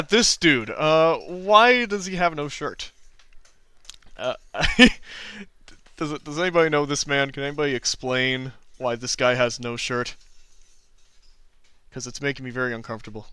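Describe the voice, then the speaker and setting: Man, casual livestream chat, bright voice, dry close sound, self-deprecating, chuckles a lot. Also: medium pitch, smooth, no echo. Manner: easygoing, self-deprecating, chuckles often while reading chat. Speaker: artist streaming drawing requests and Q&A.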